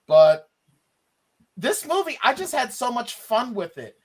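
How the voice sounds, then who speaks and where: A man's voice: extremely high pitch, sing-song, unhurried, breathy edge. A man co-hosting a podcast, chatting enthusiastically about films and rambling a little with fillers. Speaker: podcast co-host. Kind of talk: casual film review chat.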